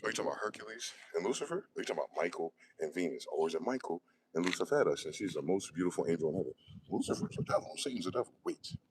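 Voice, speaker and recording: A man's voice: low voice, expressive, rapid-fire, slight background noise, poor audio. A man ranting in a profane, combative monologue, asking questions and answering them himself. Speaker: online video host.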